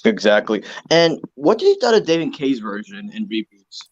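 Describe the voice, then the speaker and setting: A man co-hosting a casual online fan discussion, animated and eager to add trivia. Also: medium pitch, normal speed, highs cut off. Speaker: co-host.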